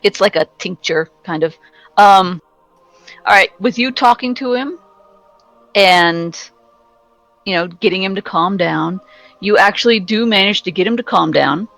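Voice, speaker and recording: A woman narrating a tabletop game as game master, casual and halting. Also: mid-range voice, gravelly, fairly bright tone, no echo, soft background music, low-quality recording.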